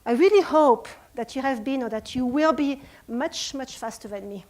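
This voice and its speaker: A woman's voice: high voice, moderate pace, a little mellow, a little hiss or hum. A woman in her forties with a French accent, giving an earnest, emotional motivational talk at a retreat. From France. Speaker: speaker. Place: retreat conference room.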